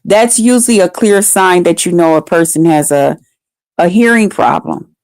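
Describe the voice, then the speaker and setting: A woman's voice: on the low side, moderate pace, darkish tone, no room sound. A woman in her fifties chatting live with her viewers. She laughs often and answers them by name. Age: 50s. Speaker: livestreamer. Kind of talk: casual live chat with viewers.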